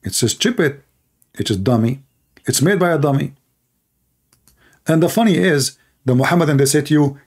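A man's voice: on the high side, expressive, normal speed, long pauses, husky. A man hosting a live call-in stream, mocking and repeating his phrases as he talks to callers and the audience.

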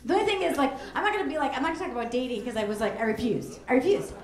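A high-pitched woman in her forties works a comedy club crowd with a brash, rambling stand-up set, jumping into squeals for effect. Her voice rings through an echoey room with a handheld mic. Laughter from the audience rises around her. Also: big pitch swings, racing. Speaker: stand-up comic.

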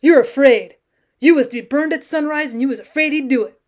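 A woman voicing a nervous, rattled outlaw kidnapper for a storybook reading, loud and pleading. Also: fairly high pitch, moderate pace, natural voice. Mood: accusing. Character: nervous rough grown man, an outlaw kidnapper.

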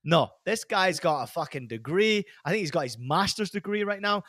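A middle-aged Scottish podcast host with a high-pitched voice tells rambling, profane stories with lots of energy, swearing constantly in casual chat. The recording is dry and clean, studio-quality, and he speaks at a moderate pace.

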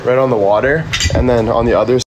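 A man's voice: medium pitch, steady tone, fast talker, lo-fi sound, a little hiss or hum. Upbeat man live-streaming from a phone. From Canada. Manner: upbeat, addresses viewers directly, reads out chat. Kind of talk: casual live-stream chat. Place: outdoors by the sea. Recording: echoey and distant with loud ambience.

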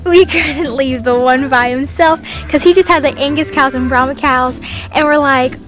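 Texan woman, homestead vlogger, slightly high voice, chatty and gushing, soft music under. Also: moderate pace. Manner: bubbly, says y'all constantly. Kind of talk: casual chat to camera. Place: outdoors on a farm.

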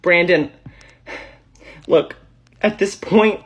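A woman's voice: on the low side, slow pace, pauses often, fairly bright tone, breathy edge, muffled recording. A woman speaking heated, confrontational dramatic dialogue full of profanity.

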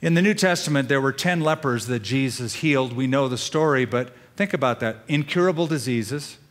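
A man preaching a sermon as pastor, animated and acting out quoted prayers with feeling. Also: medium pitch, a little fast.

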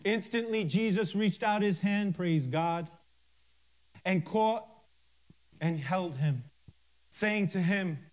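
A male minister preaching a sermon, reading scripture verse by verse with emphatic pauses and fervent interjections of hallelujah and praise. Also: high voice.

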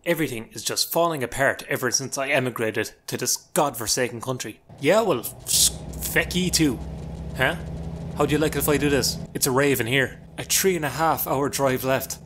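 A man's voice: medium pitch, brisk, fairly bright tone, a little hiss or hum. A young Irish man with an Irish accent giving sarcastic, self-mocking commentary while playing a game at a desk mic. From Ireland. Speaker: gaming YouTuber. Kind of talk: playthrough commentary. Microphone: desk mic with pop filter.

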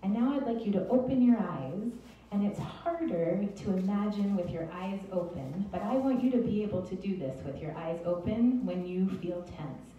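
Gentle woman teacher in an echoey room. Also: medium pitch, expressive, moderate pace, muffled recording. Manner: gentle, encouraging, coaching a group step by step. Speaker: Alexander Technique teacher. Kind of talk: guided group exercise instruction. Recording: roomy distant mic with faint noise.

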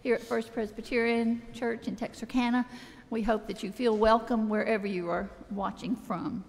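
A woman worship leader welcomes the congregation and runs through announcements, loose and chatty, with "uh"s and restarts. Her voice is loud and a little high. It rings out with a long reverb in the church sanctuary. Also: steady tone, moderate pace, gravelly. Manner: informal, chatty, with fillers and restarts.

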